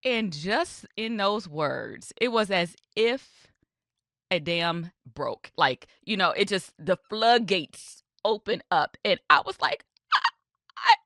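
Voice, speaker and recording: A woman podcast host speaks in a bright, forward voice. Her pitch rises and falls a lot as she tells her own story. The sound is dry and close, and her delivery is candid and chatty, full of casual asides. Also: expressive, slow, no echo. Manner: candid, conversational, with frequent "you know" asides. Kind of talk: personal storytelling monologue.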